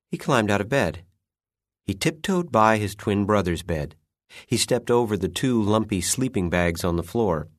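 A man reads a children's story slowly, with a lowish voice that moves a lot in pitch. The sound is close and dry. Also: no room sound. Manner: unhurried expressive reading. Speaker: narrator. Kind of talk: storybook narration.

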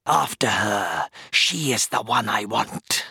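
A man's voice: lowish voice, animated, slow pace, gravelly, pushed and bright, breathy edge, no echo, clean studio sound, exaggerated voice. A man voicing a cruel, commanding male shade who talks in a harsh, hissing whisper in a storybook reading. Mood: furious command.

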